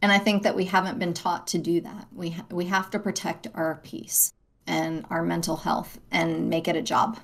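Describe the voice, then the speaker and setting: A woman's voice: on the low side, flat delivery, normal speed, gravelly, fairly bright tone. A middle-aged woman, a guest on an interview show, speaking earnestly with frequent "right?" tags and restarts. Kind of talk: interview conversation.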